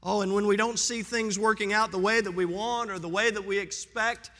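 Male pastor, high bright voice, emphatic sermon delivery, church hall reverb. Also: fairly even intonation, brisk. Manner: emphatic preaching with rising and falling delivery. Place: church sanctuary.

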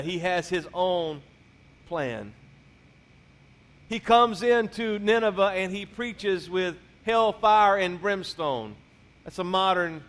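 A pastor delivering a sermon in a high-pitched male voice. He retells the scripture story in a loose, conversational way, as if chatting with the congregation. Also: fairly bright tone.

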